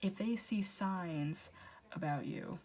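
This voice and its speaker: A woman's voice: lowish voice, slow, a little mellow, a little hiss or hum. A woman in her twenties giving a blunt, rambling pick-a-card tarot reading, full of restarts and fillers, swearing freely. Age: 20s. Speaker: tarot reader.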